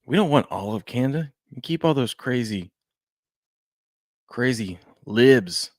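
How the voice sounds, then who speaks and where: A man's voice: mid-range voice, lively intonation, a little fast, a little mellow, no room sound. A man hosting a casual sports talk show, rambling and restarting his sentences as he reacts to game clips and chat. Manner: rambling, repeats himself, frequent restarts and fillers.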